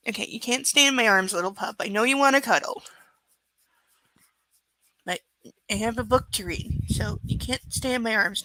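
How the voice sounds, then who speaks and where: High, bright-voiced woman chatting casually. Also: no echo, poor audio. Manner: halting, with many fillers and restarts. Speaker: livestream host reading a book. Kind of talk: casual chat with viewers.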